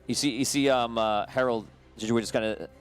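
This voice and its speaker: A man's voice: mid-range voice, fairly even intonation, fairly quick, smooth, faint music behind. A man narrating as game master of a tabletop game, talking loosely with many restarts and fillers.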